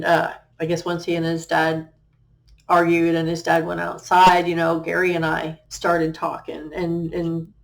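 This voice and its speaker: Earnest, halting middle-aged woman. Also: on the low side. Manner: earnest, halting, with many fillers and restarts; quotes remembered conversations. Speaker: guest life coach. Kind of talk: personal testimony on a talk show.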